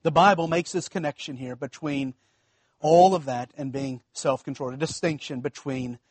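Pastor preaching, kinda high voice, dry close sound, repeats himself a lot and asks if it makes sense. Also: male voice, moderate pace, dry recording. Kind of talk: sermon.

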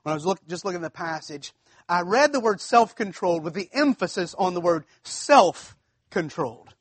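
In a high, husky, sing-song voice at a moderate pace, a male pastor delivers a conversational sermon with no room sound. He keeps repeating phrases and asking the congregation if it all makes sense.

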